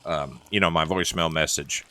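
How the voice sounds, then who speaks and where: A man's voice: very deep voice, steady tone, brisk, bright, forceful tone. A man with a Southern accent telling rambling, wry trucking stories while chatting over a game. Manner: drawling storyteller, chatty and wry. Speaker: streamer and former truck driver. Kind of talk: casual gaming chat and storytelling.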